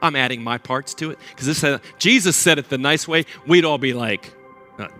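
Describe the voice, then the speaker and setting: An older man preaching a sermon as pastor, an animated storyteller who acts out the voices of people in his stories. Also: mid-range voice, moderate pace, faint music behind.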